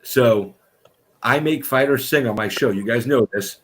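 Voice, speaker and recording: A man's voice: mid-range voice, a little slow, fairly bright tone. A man hosting a casual live-streamed fighter interview show, effusive and rambling, with casual swearing.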